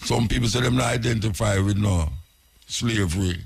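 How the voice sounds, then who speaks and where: A man's voice: fairly low pitch, moderate pace, husky. A man with a Jamaican accent hosting a radio talk, lecturing through rhetorical questions. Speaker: radio host.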